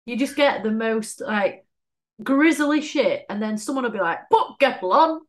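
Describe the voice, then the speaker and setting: A woman's voice: fairly high pitch, lively intonation, moderate pace. Chatty woman, laughing often. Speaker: podcast co-host. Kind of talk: casual chat.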